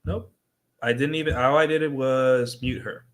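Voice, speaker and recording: A man's voice: mid-range voice, fairly even intonation, measured pace. A young adult man on a livestream, talking casually as a dating coach and tagging his points with "right?". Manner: conversational, repeats "right?" as a tag.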